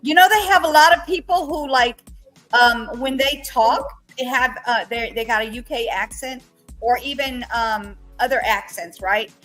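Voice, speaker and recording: A woman with a Southern American accent chats on a live stream in a high voice. She rambles easily and uses lots of fillers. Faint music plays behind her. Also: normal speed, fairly bright tone. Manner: easygoing, rambling, with many fillers. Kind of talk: casual live stream chat.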